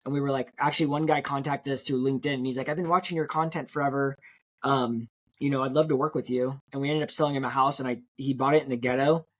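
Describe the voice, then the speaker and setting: A man, a real estate agent guest in an interview, telling a story in a quick, animated way and acting out what people said. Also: mid-range voice. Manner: fast, animated storytelling, acts out quotes.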